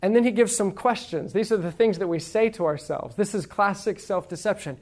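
A preacher gives a sermon in a relaxed, conversational style, questioning the congregation and reading old quotations aloud with emphasis and weight. Wry, playful asides interrupt the teaching. The voice is medium-pitched, expressive, darkish and a bit quick.

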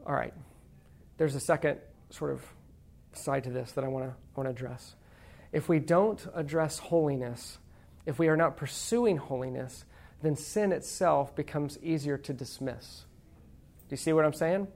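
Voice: mid-range voice, darkish tone. A preacher delivering a sermon in an easy, conversational manner, asking the congregation questions and reading old quotations aloud with weight. Wry, playful asides break up the teaching. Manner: reads quotations aloud with emphasis.

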